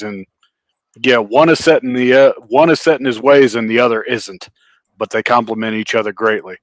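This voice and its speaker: A man's voice: medium pitch, normal speed. Laid-back guy co-hosting a review stream, dry sound, no room echo. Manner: casual, frequent short agreements. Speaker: podcast co-host. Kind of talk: live review chat.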